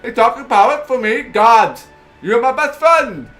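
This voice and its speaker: A man's voice: extremely high pitch, animated, a little slow, fairly bright tone, faint music behind, voice pushed up, exaggerated voice. A man voicing a lonely, effusive lighthouse keeper in a fantasy game. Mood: gushing. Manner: gushing, effusive.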